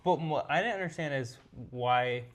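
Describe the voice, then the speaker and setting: A man's voice: on the high side, normal speed, fairly bright tone. A man co-hosting a podcast in casual chat, joking and asking pointed questions. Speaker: podcast co-host.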